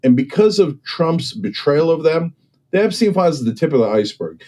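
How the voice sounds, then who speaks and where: A man argues politics with emphatic, persuasive energy, tossing in "okay?" and "right?" to drive points home. His voice sits a bit high, yet its tone is dark and mellow. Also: sing-song, fairly quick. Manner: acts out other people's voices when quoting them. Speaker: political commentator and guest. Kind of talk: impassioned political discussion.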